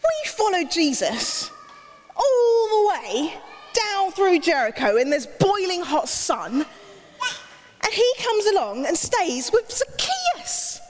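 A woman's voice: very high-pitched, very animated, slow pace, a little hiss or hum, voice pushed up, exaggerated voice. A woman voicing a jeering crowd of townspeople, indignant and complaining.

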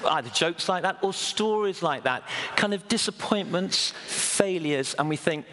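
A man preaching a sermon in a conversational, storytelling way, often pausing and restarting. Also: high voice, expressive, a bit bright. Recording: long echo of a hall.

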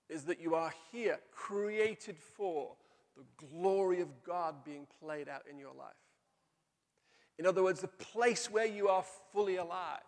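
A middle-aged male pastor preaching a sermon, telling stories and slowing down to stress key phrases. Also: high-pitched. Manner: storytelling with slow emphatic pauses. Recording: long hall reverb.

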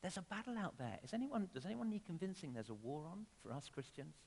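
A man preaching a sermon in a church, talking conversationally with sudden emphatic rises and soft drops. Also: high-pitched, sing-song, fast talker, vocal fry, a little hiss or hum. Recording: long reverb of a church hall.

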